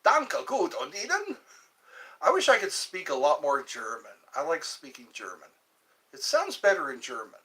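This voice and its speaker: A man's voice: a little high, wildly swooping pitch, moderate pace, a bit bright. A man hosting a livestream, chatting casually and jokingly in a rambling way. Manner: jokey, laughs often, breaks into song snippets. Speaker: livestream host.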